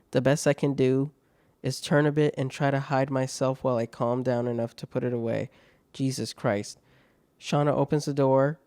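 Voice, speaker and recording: A man's voice: medium pitch, mellow, clear, resonant tone, dry recording. A man hosting a podcast, reading online stories aloud with laughing, swearing, mocking asides. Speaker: podcast host.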